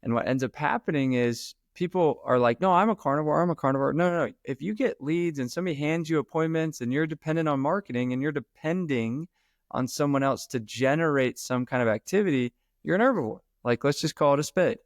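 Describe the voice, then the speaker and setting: Animated man, dry close sound. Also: on the high side, fairly quick, dry recording. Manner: emphatic and animated, casual slang. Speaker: author and sales trainer, guest. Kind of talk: casual podcast interview.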